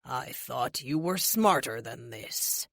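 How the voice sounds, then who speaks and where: A woman voicing a cold, polite male android villain leader in an audiobook, speaking in a slow, smug, measured way. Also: extremely low pitch, lively intonation, gravelly, no room sound, clean studio sound, voice pushed down, exaggerated voice. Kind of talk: audiobook character voice.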